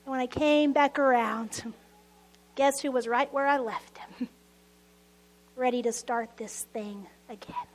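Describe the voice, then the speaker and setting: A woman pastor preaching a sermon, reading scripture with loud emphasis and dropping to hushed, whispered asides. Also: high-pitched, takes it slowly, long pauses.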